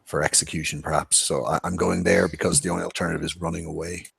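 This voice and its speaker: A man's voice: low-pitched, flat delivery, gravelly, a bit bright, slightly rough. A man playing a tabletop game, speaking in character with some stammering. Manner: halting, stammers. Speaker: player. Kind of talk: in-character tabletop role-play.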